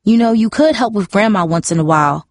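A woman reading a novel aloud, voicing a guarded older teenage sister who speaks low, subdued and tired. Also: quick pace, no room sound, studio quality, natural voice. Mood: irritated.

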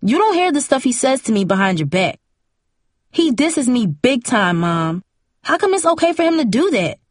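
A woman's voice: mid-range voice, lively intonation, moderate pace, no room sound, clean studio sound, natural voice. A woman voicing a hurt, resentful teenage girl who pleads and mumbles sulkily.

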